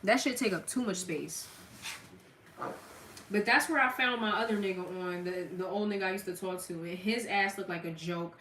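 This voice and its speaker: A woman's voice: medium pitch, moderate pace, pushed and bright, slight background noise. A young woman from the Gulf Coast with a Southern accent, livestreaming and chatting bluntly with her viewers, laughing often. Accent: Southern American. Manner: blunt, laughing, slangy, talks to chat. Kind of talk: casual livestream chat. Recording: echoey room, mic at a distance.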